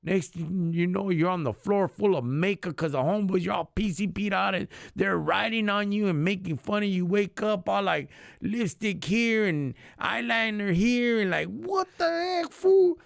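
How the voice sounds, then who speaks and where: A man's voice: high voice, moderate pace, vocal fry, few pauses, no echo, clean studio sound. A man giving an impassioned faith talk on a live stream, preachy, in street slang, dropping in Spanish words. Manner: preachy, street slang, calls listeners homie and dog.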